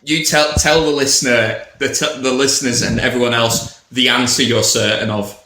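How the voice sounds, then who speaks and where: A man playing a party game and chatting casually, playfully contrary and quick to laugh at his own takes. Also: medium pitch, fairly even intonation, sharp tone. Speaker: game player. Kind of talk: casual chat. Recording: echoey room.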